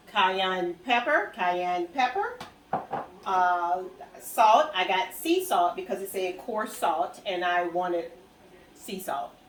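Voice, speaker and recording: A woman's voice: mid-range voice, a bit bright, far from the mic, slight background noise. Chatty woman cooking in a roomy kitchen. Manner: chatty, rambling, self-correcting. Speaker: cooking vlogger. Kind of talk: casual cooking vlog. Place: home kitchen, cooking at the stove.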